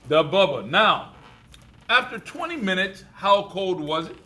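A man teacher running a classroom wrap-up, joking with students and loudly repeating their answers. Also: high-pitched, very animated, a little slow.

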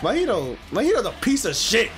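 A young man hosting an anime reaction video, swearing and yelling at the screen as he watches. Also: sits high, fairly quick, soft background music. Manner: excitable, yells and swears at the screen. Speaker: anime reaction channel host. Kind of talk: reacting live to an anime episode.

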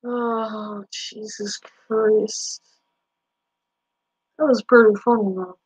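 A woman's voice: medium pitch, steady tone, drawn-out words, breathy edge, rough recording. A woman streamer in casual live-stream chat, profane and teasing, laughing often as she talks back to viewers.

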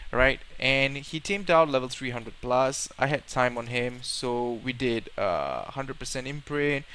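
A man giving live gameplay commentary, nervous and excitable, often exclaiming and coaxing his creature along. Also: mid-range voice, a little hiss or hum. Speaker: gameplay streamer.

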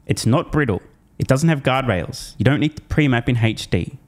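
Sarcastic, animated male commentator. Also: medium pitch, normal speed. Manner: animated, sarcastic, laughs and swears in disbelief; upbeat sponsor read. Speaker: finance video host. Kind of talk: casual commentary to camera.

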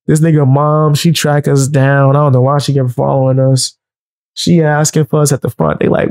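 Gravelly New man telling a story. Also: on the high side, normal speed, no echo, poor audio. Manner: animated, profane, laughing storyteller. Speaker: show host. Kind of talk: casual storytelling.

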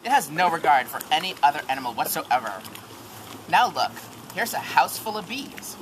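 A man's voice: a little high, very animated, moderate pace. A man narrating a mock nature documentary in a crude, exaggerated, giggly way at a lakeside. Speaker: skit narrator. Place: lakeside outdoors. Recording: noisy outdoor camera audio.

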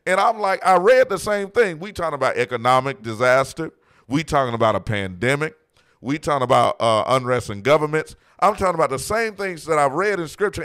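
A man's voice: a little high, a bit bright. A man preaching a sermon, impassioned and mocking, frequently acting out quotes. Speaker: pastor.

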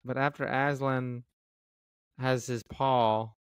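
A man's voice: medium pitch, steady tone, takes it slowly, clean tone, dry recording, clean studio sound. A man co-hosting a podcast who thinks aloud in a tentative, hedging way during a casual book discussion. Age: adult. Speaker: podcast co-host.

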